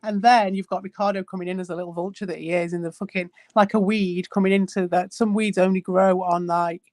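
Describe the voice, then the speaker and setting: A woman's voice: medium pitch, steady tone, fairly quick, a little mellow, no echo. A woman streamer in casual chat, blunt and exasperated, swearing a lot.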